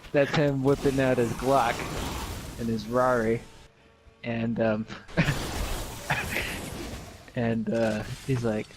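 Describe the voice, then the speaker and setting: A young man telling a rambling, silly story over gameplay, giggling and acting out the characters in dramatic voices. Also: noisy background. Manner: giggly, acts out dialogue in squeaky dramatic voices. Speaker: gameplay commentator. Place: at home with parents nearby.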